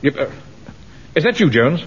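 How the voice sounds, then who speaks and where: A man's voice: a little high, sing-song, moderate pace. A pompous, self-important bank manager, his voice swinging widely as he lords it over his staff. The recording is dull, old radio with faint hiss. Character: pompous middle-aged male bank manager and platoon captain. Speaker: bank manager and platoon commander. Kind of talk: 1970s radio sitcom acting.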